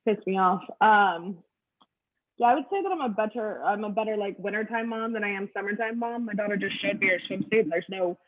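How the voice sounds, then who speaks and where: A woman's voice: mid-range voice, fairly quick. Crude middle-aged woman comic, tinny call. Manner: crude, offhand delivery. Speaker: stand-up comedian. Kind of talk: stand-up set over a video call. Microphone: video call. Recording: tinny phone-like video call audio.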